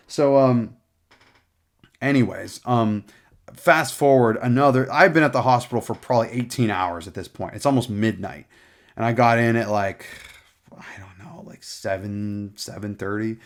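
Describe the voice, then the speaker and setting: A young man hosting a casual show, telling a long personal story in a rambling, profane way full of fillers and restarts. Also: medium pitch. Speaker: podcast host.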